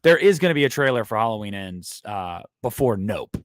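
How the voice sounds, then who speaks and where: A man's voice: fairly low pitch, big pitch swings, fairly quick, no room sound, clean studio sound. Rambling, crude man hosting a stream. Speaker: host of a movie news stream. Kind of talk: casual livestream chat.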